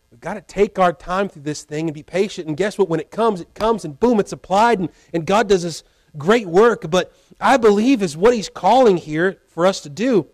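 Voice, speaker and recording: A man's voice: high-pitched, dry recording. Man, preacher, sermon, raised voice, dry close sound, repeats phrases for emphasis. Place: church pulpit.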